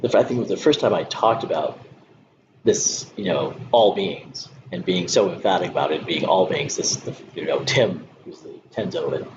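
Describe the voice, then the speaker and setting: A man giving a Zen dharma talk, speaking in a halting way with many pauses and soft laughs. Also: low voice. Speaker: Zen teacher. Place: meditation hall. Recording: dull lo-fi recording with background noise.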